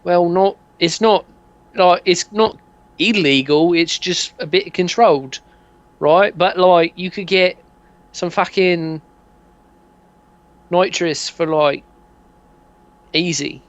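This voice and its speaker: Guy doing a shady fixer dude, high and smooth, all wink wink nudge, muffled audio. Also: slow, pauses often. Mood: wheedling. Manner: wheedling, nudging, full of "mate" and "eh". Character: shady fast-talking male fixer, pushy and sleazy. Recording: dull lo-fi audio.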